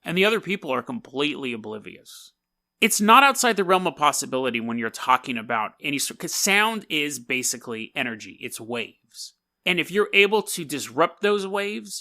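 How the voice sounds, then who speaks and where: Podcast host, male, bright and higher-pitched, animated storyteller. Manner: animated, conversational, quotes friends in his own voice. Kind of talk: personal storytelling.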